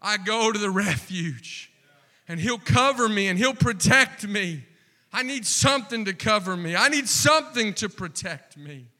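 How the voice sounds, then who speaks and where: A man preaching a sermon in a slightly high, bright voice. He takes his time, drawing out his words. He builds toward fervent, near-shouted refrains. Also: animated, unhurried. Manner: impassioned, rising to near-shouting with repeated refrains.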